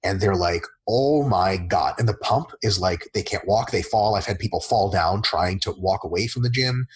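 A man coaching in a casual podcast Q&A, talking in a profane, animated way and acting out his clients in quick voices. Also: deep voice, husky, rough recording. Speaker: fitness coach answering listener questions.

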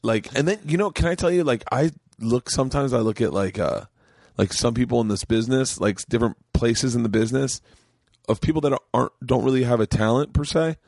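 A man's voice: mid-range voice, fairly quick, gravelly, dry recording, studio quality. A middle-aged man hosting a podcast, telling stories in casual, profane chat. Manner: profane, animated storyteller. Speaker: podcast host.

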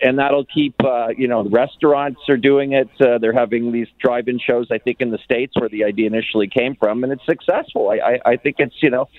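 A man with a Canadian accent, a comedian guest on a radio show, talking in halting bursts with frequent restarts. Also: mid-range voice, steady tone, dry recording, phone-quality sound. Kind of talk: casual radio chat.

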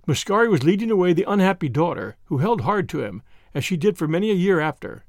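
A man narrating a classic mystery story in an expressive reading. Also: high voice, fast talker, no echo, clean studio sound.

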